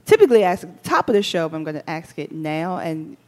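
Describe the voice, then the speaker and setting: A woman hosting a relaxed studio talk show, speaking in a slightly low voice. She is chatty and breaks into laughter often. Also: quick pace. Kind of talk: casual chat.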